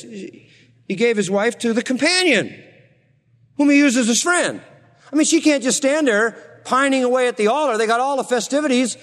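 Long hall reverb surrounds a pastor whose high voice has a fairly bright tone. Teaching a Bible passage, he relates the story in a relaxed, wry manner and turns to his listeners with asides.

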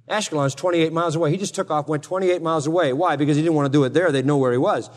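A man's voice: a little high, fast talker, few pauses. A man teaching a Bible passage in a sermon, telling the story in a conversational, wry way with asides to his listeners. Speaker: pastor. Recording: long hall reverb.

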